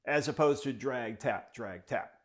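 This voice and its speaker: A man's voice: mid-range voice, unhurried. A man teaching a drum lesson step by step, speaking the rhythms aloud in syllables as he demonstrates them.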